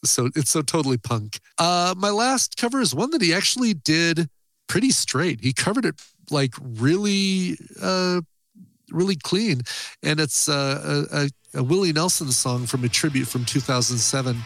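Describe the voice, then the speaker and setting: A man co-hosting a music podcast, chatting in a relaxed way about cover songs, with plenty of ums and uhs. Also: a little high, moderate pace, no room sound. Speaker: podcast co-host. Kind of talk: casual music podcast chat.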